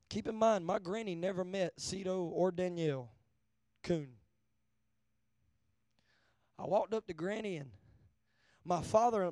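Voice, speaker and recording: A man preaching a sermon, asking the crowd for an amen, swinging from hushed to loud. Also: high-pitched, dry recording. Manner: call-and-response, asking amen often; shifts between hushed and loud.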